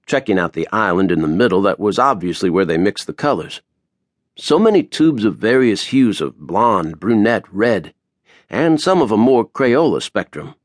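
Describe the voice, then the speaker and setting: A man's voice: on the low side, dry recording, studio quality. A man narrating an audiobook in a wry, playful storytelling manner. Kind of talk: scripted narration.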